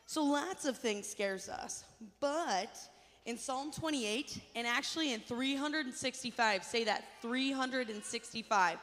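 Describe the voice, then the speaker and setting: A woman with a fairly high voice leads a children's chapel service, animated and coaxing as she gets the kids to repeat lines back to her. Her voice carries a long reverb from a church hall. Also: measured pace.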